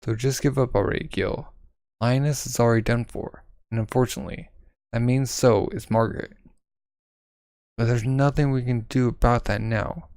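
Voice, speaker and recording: A man voices a jealous witch woman who sneers and taunts. The voice is gravelly, with little pitch change from his plain reading. The sound is dry and close. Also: steady tone, moderate pace, darkish tone, dry recording, lightly acted. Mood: coaxing. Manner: mocking, taunting.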